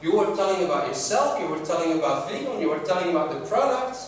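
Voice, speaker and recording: A man's voice: sits high, lively intonation, quick pace, slight background noise. A man teaching a sales workshop, telling stories and acting out the dialogue. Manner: storytelling, acts out quoted dialogue. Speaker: sales trainer. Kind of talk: classroom workshop talk. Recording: very echoey room, mic far off.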